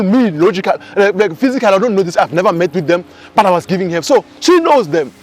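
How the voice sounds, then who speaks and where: A man in his twenties with a South African accent, giving a casual, animated spiritual teaching talk. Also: high voice, fast, few pauses. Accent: South African English. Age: 20s. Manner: animated storyteller.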